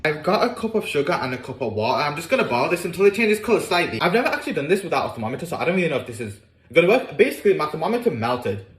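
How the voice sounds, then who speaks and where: A man's voice: a little high, very animated, very fast, slight background noise. A young man narrating his own cooking videos in a casual, playful way, cracking self-mocking jokes as he goes.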